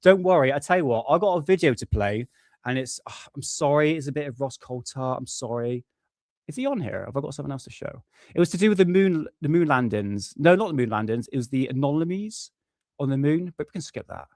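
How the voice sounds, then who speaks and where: A man's voice: mid-range voice, lively intonation, fairly quick, darkish tone, no room sound, clean studio sound. Chatty, swearing British man host. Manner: chatty, swears often, laughs at himself. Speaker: livestream host. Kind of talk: casual live-stream chat. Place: home room.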